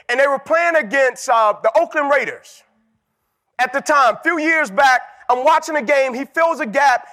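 A man's voice: very high voice, pushed and bright. A man giving a motivational keynote speech, with an emphatic, repetitive, preacher-like delivery. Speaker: motivational speaker.

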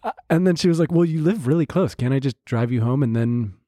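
A man's voice: mid-range voice, quick pace, warm tone, no echo. A man co-hosting a podcast, telling long dating stories in casual chat and acting out the lines of the people in them. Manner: rambling storyteller, acts out quotes. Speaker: podcast co-host.

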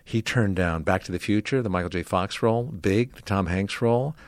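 Comedian guest: a low, gravelly baritone man, casual and anecdotal, dry sound. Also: brisk, no room sound. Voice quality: deep baritone. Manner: rambling, anecdotal storyteller with many fillers. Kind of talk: casual chat.

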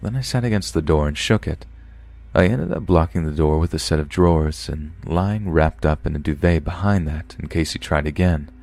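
A man, the host of a podcast, reading a scary true story aloud with steady, measured delivery. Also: rumbling low. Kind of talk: horror story narration.

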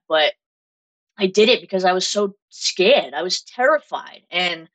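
A woman in her twenties with a Massachusetts accent, telling stories as an interview guest in an animated way with frequent laughter. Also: mid-range voice, moderate pace, low-quality recording. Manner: animated storytelling, laughs often. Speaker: guest makeup artist. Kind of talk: casual interview chat.

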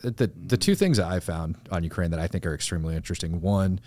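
A man's voice: deep voice, fast talker, darkish tone, dry recording. A man co-hosting a casual podcast, rambling and profane, with lots of "like" and "you know". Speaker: podcast co-host, military veteran. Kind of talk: casual storytelling.

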